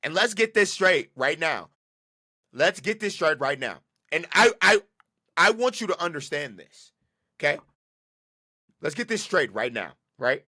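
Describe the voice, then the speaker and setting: Animated man ranting about football. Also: on the high side, unhurried, long pauses. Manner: ranting, emphatic, repeats himself; slangy and casual. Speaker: podcast host. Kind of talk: solo football commentary.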